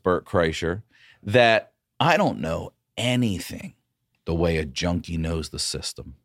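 Middle-aged male comic with a low, swooping delivery, dry close mic. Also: a little slow, no room sound. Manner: animated, profane, storytelling. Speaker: comedian guest. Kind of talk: casual storytelling.

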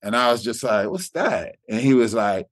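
A man's voice: on the low side, fairly even intonation, a little fast, no room sound. A middle-aged comedian, telling a personal story in an interview, looping and repeating words as he talks. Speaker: guest comedian. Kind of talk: reflective interview talk.

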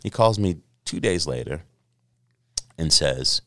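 A middle-aged man, a podcast guest, telling stories in a casual interview, animated and profane, acting out the voices of people he quotes. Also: rumbling low, slow pace, pauses often, no echo, clean studio sound.

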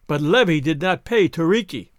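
A man's voice: on the high side, expressive, normal speed, dry recording, clean studio sound, natural voice. Guy doing a scared weary husband, faltering voice, storybook read. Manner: faltering, nervous. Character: timid island husband, fearful and weary.

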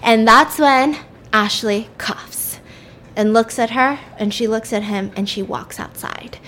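Young woman, chatty, animated storyteller, a bit high, faint background noise. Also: a little slow. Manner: chatty, animated, lots of fillers. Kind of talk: casual story recap.

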